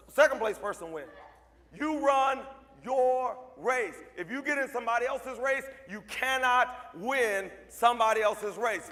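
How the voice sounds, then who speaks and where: A man with a high-pitched voice delivers a motivational speech at a school assembly, firing short punchy lines and teasing the students in front of him. His voice carries a long reverb from the large hall. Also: a bit bright. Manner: punchy, joking, talks straight to the crowd. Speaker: motivational speaker.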